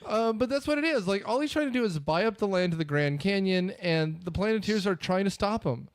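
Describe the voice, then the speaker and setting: A man's voice: high-pitched, animated, a little fast. A man filling in as podcast host, ranting sarcastically in casual banter.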